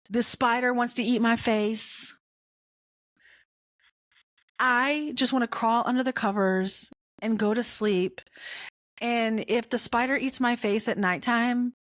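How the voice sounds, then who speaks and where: A woman hosting a podcast, telling a comic personal story with animated, dramatic emphasis and repeated punchlines. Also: fairly high pitch, dry recording, studio quality. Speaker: podcast host.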